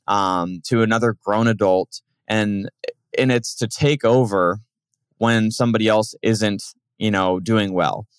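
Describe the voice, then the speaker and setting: A man's voice: mid-range voice, no room sound. A man, a business owner, explaining delegation in a casual conversational way, with frequent fillers and restarts. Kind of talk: casual teaching monologue.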